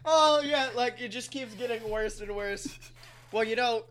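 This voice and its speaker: Bright-voiced joking podcast man. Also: extremely high pitch, normal speed, a little hiss or hum. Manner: jumps into silly put-on voices and laughs often. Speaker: podcast co-host. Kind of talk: casual comedic banter.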